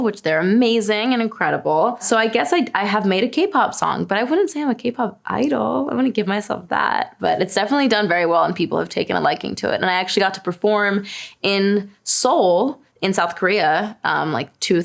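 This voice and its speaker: A woman's voice: medium pitch, gravelly. A woman in her twenties from Long Island, New York, chatting casually and answering questions about herself with a self-deprecating, laughing manner. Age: 20s. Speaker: singer answering fan search questions. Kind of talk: casual chat.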